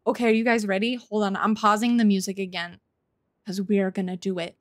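A woman streaming a video game live, excitable and cursing freely, shouting in triumph and chatting to her viewers, a little out of breath. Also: medium pitch, brisk, no room sound, studio quality. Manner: excitable, swears a lot, shouts and squeals in wins. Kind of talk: live gameplay commentary.

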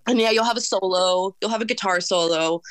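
Thirties woman from the East Coast, singer guest; quick, loud, intense delivery, dry recording. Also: mid-range voice, no room sound. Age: 30s. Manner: fast, loud and intense, by her own words. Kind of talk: casual interview chat.

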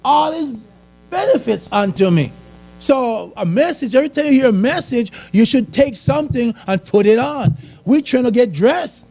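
High-voiced man giving a sermon. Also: expressive, moderate pace, darkish tone. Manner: conversational, chuckling, asks the audience. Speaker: church speaker. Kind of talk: sermon testimony. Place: church.

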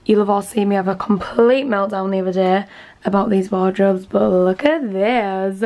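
A young British woman in her twenties, chatting casually and upbeat to camera in her bedroom at home, filming on a handheld phone. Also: medium pitch. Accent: British English. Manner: chatty, upbeat, rambling with fillers. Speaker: vlogger.

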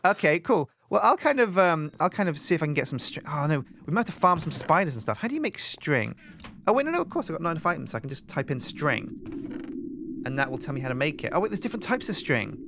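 A man hosting a game let's play, chatting in an animated, rambling way and thinking aloud. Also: on the high side, fast talker, gravelly, slight background noise. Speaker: host.

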